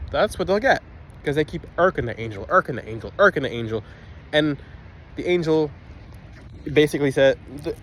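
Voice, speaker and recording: A man's voice: fairly high pitch, a little hiss or hum. A man casually talking to a phone camera outdoors, emphatic and rambling, with frequent restarts. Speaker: spiritual video host.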